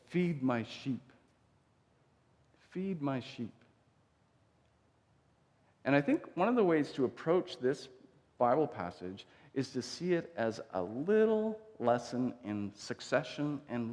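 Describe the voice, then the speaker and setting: Long church reverb fills this sermon recorded in a sanctuary. The pastor, whose mid-range voice has a darkish tone, narrates the story conversationally and acts out each quote.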